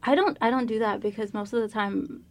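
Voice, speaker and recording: A woman's voice: a little high, a little fast. A young woman in casual conversation, chatty and rambling, full of fillers. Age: young adult.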